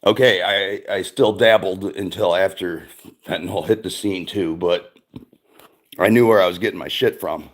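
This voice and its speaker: A man's voice: low-pitched, normal speed. A middle-aged man hosting a livestream, telling stories in casual chat, profane and rambling, with many fillers. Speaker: streamer host.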